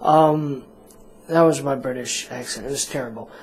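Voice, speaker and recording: A man's voice: mid-range voice, normal speed, husky. A man hosting a casual radio talk show, rambling and joking at his own expense, with lots of fillers. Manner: rambling, self-mocking, full of fillers.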